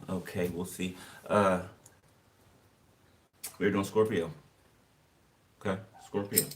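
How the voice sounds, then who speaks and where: A man giving a casual live tarot reading, chatty and laughing often as he greets viewers. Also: sits low. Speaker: tarot reader. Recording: distant from mic, clear background noise.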